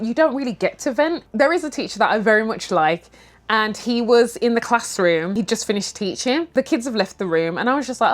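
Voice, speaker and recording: A young woman from the UK chatting candidly over tea, talking frankly, swearing casually and acting out little quotes. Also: a little high. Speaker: vlogger.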